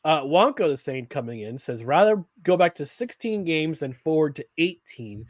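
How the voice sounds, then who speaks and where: A man's voice: a little high, sing-song, normal speed, no room sound. A man co-hosting a live sports talk show, rambling with restarts and reading viewer comments aloud. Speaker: podcast co-host.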